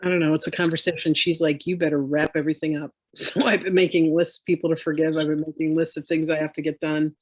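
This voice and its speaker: A woman's voice: low-pitched, little pitch movement, quick pace, few pauses, husky, dry recording. A woman spiritual teacher in a casual chat, telling rambling, chatty stories.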